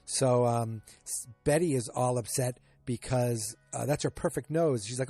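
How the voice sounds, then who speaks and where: Rambling man recapping, mellow dry voice. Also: mid-range voice, moderate pace, no room sound, soft background music. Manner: rambling, many fillers and restarts. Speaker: podcast host. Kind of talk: casual episode recap.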